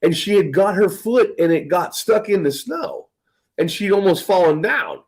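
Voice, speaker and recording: A man's voice: high-pitched, lively intonation, moderate pace, darkish tone, slightly rough. A man, the host of a casual chat, telling stories in a profane, rambling way, laughing often.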